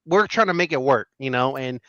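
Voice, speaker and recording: A man hosting a casual political commentary show, reacting to clips in an animated, mocking way. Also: medium pitch, a little fast, no echo, highs cut off.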